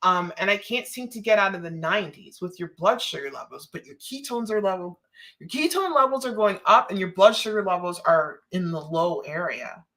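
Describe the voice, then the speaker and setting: A woman's voice: lowish voice, animated, a little fast, pushed and bright. A woman from Canada chatting on a live stream, emotional and close to tears, rambling and laughing often. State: emotional, holding back tears.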